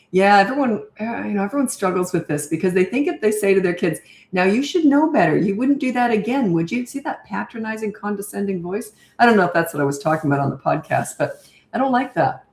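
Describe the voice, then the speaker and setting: A woman's voice: on the low side, a little mellow. An older woman, a parenting coach, answering viewer questions in a chatty, direct way. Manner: chatty and direct, reads comments aloud. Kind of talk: live Q&A answering viewer comments. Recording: echoey room.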